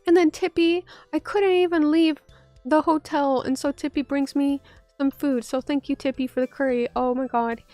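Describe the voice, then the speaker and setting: Hoarse young woman VTuber, high-pitched and bronchitis-rough. She rambles, curses and bickers with chat over a close, dry mic. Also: steady tone, normal speed, warm tone, no room sound, soft background music. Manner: rambling, self-interrupting, swears, talks back to chat. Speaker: VTuber streamer. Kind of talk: casual live-stream chat.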